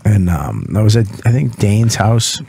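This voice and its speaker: A man's voice: fairly low pitch, very animated, a little slow, gravelly, mellow, husky. A man co-hosting a radio show, telling a long profane story in a rambling way in a radio studio. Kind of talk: casual radio banter.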